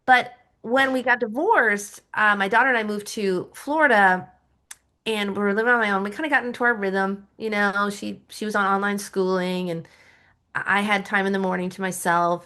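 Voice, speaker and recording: A woman's voice: medium pitch, pushed and bright. A middle-aged woman, a lifestyle coach and podcast guest, telling her personal story candidly, with frequent laughs and self-deprecating asides.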